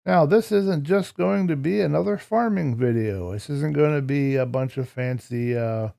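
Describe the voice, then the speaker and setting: Tired sounding guy talking through his minecraft build, gravelly low-key voice, mellow tone, explains everything as he goes. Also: normal speed, no room sound. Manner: tired, yawning, explains step by step. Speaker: Minecraft YouTuber. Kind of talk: casual gameplay commentary.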